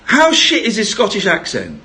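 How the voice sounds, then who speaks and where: On a live venue stage, a man hosts a comedy podcast, rambling, laughing and swearing through his banter. His voice is high, pushed and bright, with huge pitch swings at a moderate pace. The live-show recording carries background noise.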